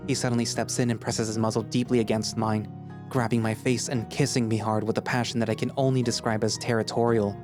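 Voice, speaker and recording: A man's voice: lowish voice, a little fast. A man narrating a first-person dramatic audio story as an earnest, emotional young male anthro, speaking expressively. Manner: earnest and expressive, rising to anger. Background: background music.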